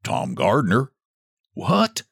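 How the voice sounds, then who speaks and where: A man plays an easygoing backwoods hunting guide, drawling his tale slowly in rustic country speech, a shade higher than the narrator. A storybook character with a lively pitch. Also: dry recording, studio quality, full character voice. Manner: rustic dialect, slow and plain. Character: folksy backwoods hunting guide, slow-spoken.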